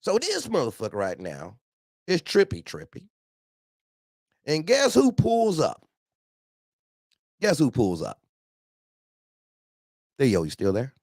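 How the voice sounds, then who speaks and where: A man's voice: mid-range voice, slow, creaky, long pauses, no room sound, studio quality. A man tells a wild story in casual CB radio chat, repeating himself and cursing freely. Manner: animated, profane, repeats himself. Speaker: truck owner telling a story.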